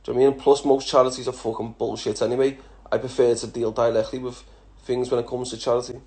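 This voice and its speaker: A man's voice: mid-range voice, flat delivery, fast, warm tone. A man in his thirties with a Liverpool accent, answering follower questions in a blunt, laughing, heavily swearing chat. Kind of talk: casual Q&A chat.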